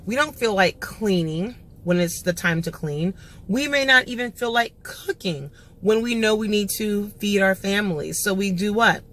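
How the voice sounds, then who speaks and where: A woman in her thirties giving an earnest, encouraging casual talk to fellow homeschooling parents, with frequent um fillers. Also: lowish voice.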